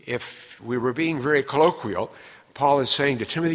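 A man's voice: medium pitch, moderate pace, fairly bright tone. A man teaching through a Bible passage, earnest and explanatory, stressing key words as he explains them. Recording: long reverb of a large hall.

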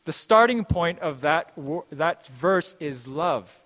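A man with a fairly high speaking voice preaches a sermon with earnest conviction. He drives points home by repeating phrases and slows right down to quote scripture. His voice rings with the long reverb of a large hall. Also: lively intonation, a bit bright.

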